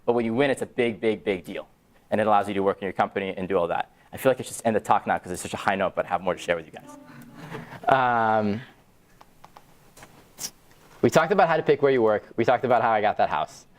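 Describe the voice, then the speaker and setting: A young man in his twenties, a startup founder speaking to university students, telling a personal story in an animated way and acting out the dialogue with excited jumps in his voice. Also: lowish voice, fast talker, pauses often. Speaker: startup founder giving a talk. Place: university event room, audience present.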